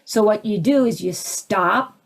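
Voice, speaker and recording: A middle-aged woman, a spiritual teacher and counselor, giving an animated talk full of rhetorical questions. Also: medium pitch, a little slow. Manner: animated, acts out quoted voices, rhetorical questions.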